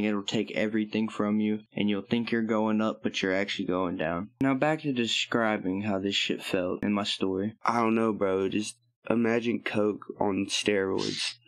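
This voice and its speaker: A man telling a personal story to camera in a casual, rambling, profane way, often chuckling. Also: lowish voice. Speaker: vlogger.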